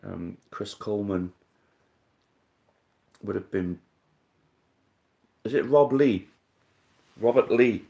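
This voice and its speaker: A man hosting a live-stream quiz, chatting casually, thinking out loud, swearing now and then and calling the players mate. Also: lowish voice, slow pace, vocal fry, pauses often, highs cut off.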